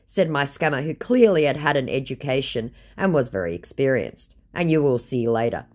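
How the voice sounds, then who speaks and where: A woman's voice: very deep voice, animated, moderate pace, darkish tone. A woman vlogger telling a story by reading out a text chat, sarcastic and blunt.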